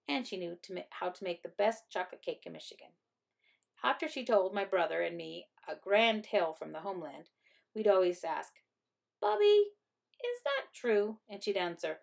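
A woman teacher reading a picture book aloud to third graders in a gentle, expressive way. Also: mid-range voice, creaky.

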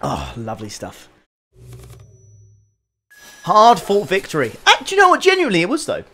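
A man streaming a racing game, chatting casually with viewers, excitable and jokey with plenty of swearing. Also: high voice, normal speed, slight background noise. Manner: excitable, joking, swears freely. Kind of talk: casual live-stream commentary.

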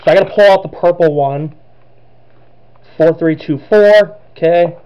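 A man's voice: a little high, unhurried, dull audio, slight background noise. Chatty man playing a horror game. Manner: chatty, laughs often, apologetic about his voices. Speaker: gameplay commentator. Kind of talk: let's play commentary.

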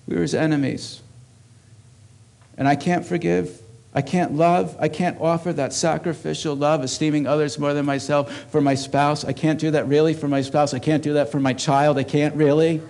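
A man's voice: a little high, level tone, moderate pace, gravelly, a little mellow. A man preaching a sermon as a pastor at a church service, earnest and emphatic.

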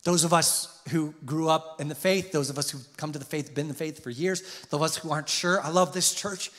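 Impassioned pastor in a reverberant church. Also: male voice, brisk, a bit bright. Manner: impassioned, rises in pitch and volume on questions. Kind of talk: sermon. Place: church sanctuary. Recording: long hall reverb.

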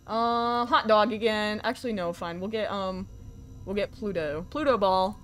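Bright, excitable young woman streamer. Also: medium pitch, moderate pace. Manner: excitable, jokey, swears, thanks viewers. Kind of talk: live horror game commentary. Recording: music playing faintly behind. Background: faint game music.

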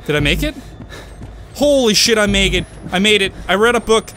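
A man's voice: high voice, lively intonation, moderate pace, bright, forceful tone, slight background noise. A man commentating a horror game, jumpy and joking, screaming and swearing at every scare. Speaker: gamer. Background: game music.

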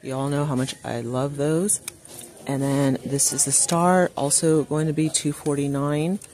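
A man's voice: fairly high pitch, fairly even intonation, a little slow, darkish tone. A man chatting casually and enthusiastically as he walks through a large craft store, reading out prices into a handheld phone. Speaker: shopping vlogger. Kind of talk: casual shop-with-me walkthrough.

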